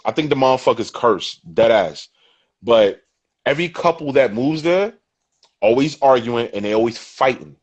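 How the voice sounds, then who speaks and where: A man on a casual podcast, telling stories in an animated, profane way. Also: mid-range voice, normal speed. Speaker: podcast guest. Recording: dull lo-fi sound.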